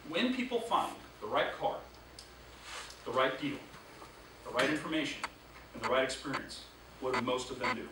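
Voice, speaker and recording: A male sales trainer leading a classroom training session, energetic and quizzing the class with questions. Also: medium pitch, normal speed, pauses often. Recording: echoey room, distant mic, background noise.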